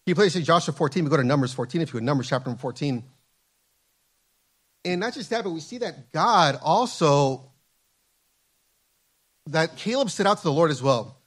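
A man's voice: on the high side, expressive, moderate pace, long pauses, fairly bright tone, breathy edge. A man preaching a sermon, reading scripture aloud and repeating his phrases with fervent emphasis.

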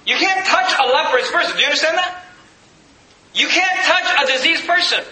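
Male pastor, sermon, very high and tense tone, emphatic rhetorical style, roomy church sound. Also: moderate pace, a little hiss or hum. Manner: emphatic preaching with rhetorical questions; rises to shouting at peaks. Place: church sanctuary. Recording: echoey church room.

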